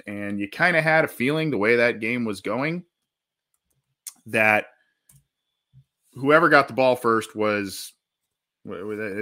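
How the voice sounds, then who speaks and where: A man's voice: fairly low pitch, sharp tone. A man hosting a sports podcast, talking casually and rambling, with many restarts and fillers. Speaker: podcast host.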